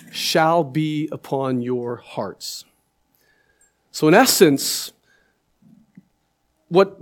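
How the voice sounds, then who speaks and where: A man preaching a sermon in a conversational way, often checking with listeners and repeating words as he builds his point. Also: a little high. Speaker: pastor.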